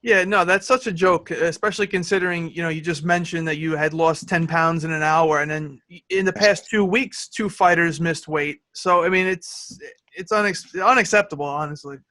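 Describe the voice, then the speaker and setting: A man's voice: on the high side, fairly even intonation, normal speed, bright, forceful tone, dry recording. A man hosting a podcast interview, eager and agreeable, chatting casually with his guest. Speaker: podcast host.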